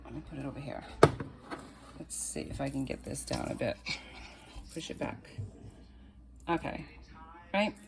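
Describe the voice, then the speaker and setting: A woman's voice: extremely low pitch, measured pace, gravelly, long pauses. A woman hosting her own cooking channel, chatting playfully to viewers as she cooks. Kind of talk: casual cooking demo to camera.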